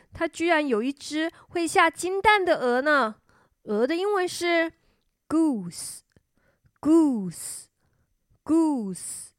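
A woman narrating a children's storybook and teaching English words, clearly and slowly, repeating words for learners. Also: high-pitched, a bit bright, dry recording, clean studio sound. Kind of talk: bilingual children's story narration and vocabulary lesson.

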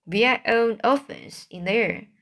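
Storybook orphan girl, matter-of-fact and calm, slow, read by a woman. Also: on the high side, pitched above the performer's own voice. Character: young orphan girl, calm and plain-spoken.

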